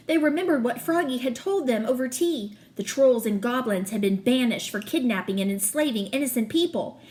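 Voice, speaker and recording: A woman, a teacher, reading a children's novel aloud with steady, expressive storytelling. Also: high voice.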